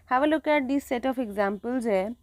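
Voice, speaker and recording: A woman's voice: on the high side, a little fast, darkish tone, no room sound. A woman with an Indian English accent giving a recorded grammar lecture, explaining patiently, with fillers and repeated phrases. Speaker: teacher.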